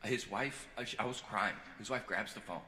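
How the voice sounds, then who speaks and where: A man's voice: on the low side, moderate pace, pushed and bright. A man doing a stand-up comedy set, rambling and self-deprecating, with frequent restarts. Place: large hall with live audience. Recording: echoey hall with crowd noise.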